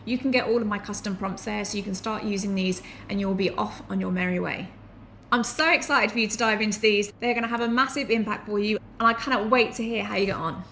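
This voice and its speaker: A woman's voice: mid-range voice, fast, a bit bright, slight background noise. A woman, teaching to camera in a chatty, enthusiastic way with anecdotal asides. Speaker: online business educator.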